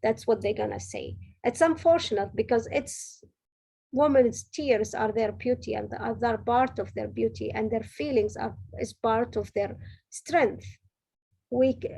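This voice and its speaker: Husky, gravelly woman giving career advice. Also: on the high side, a little mellow, low-quality recording. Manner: earnest, direct, advising with frequent self-corrections. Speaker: senior director giving a talk. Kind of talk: motivational advice talk.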